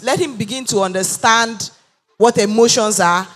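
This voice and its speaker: Bright-voiced woman, earnest panelist. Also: fairly high pitch, normal speed. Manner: earnest, emphatic, acts out quoted voices. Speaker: panel guest. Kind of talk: panel discussion.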